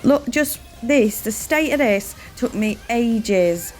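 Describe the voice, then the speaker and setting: A woman hosting her gaming channel, giving chatty, rambling let's-play commentary and warmly thanking her viewers. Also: a little high, animated, slow, soft background music.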